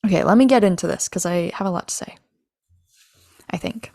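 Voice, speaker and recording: Gravelly young woman gushing on a podcast. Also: fairly low pitch, brisk, darkish tone, no echo, clean studio sound. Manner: giggly, gushing fan talk. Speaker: podcast co-host. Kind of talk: casual chat.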